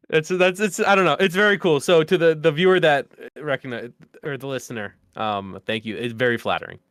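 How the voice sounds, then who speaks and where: A middle-aged man co-hosting a podcast, excitable and quick to laugh, with lots of fillers. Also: on the high side, clear, resonant tone, no room sound, studio quality. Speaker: podcast co-host. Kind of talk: casual chat.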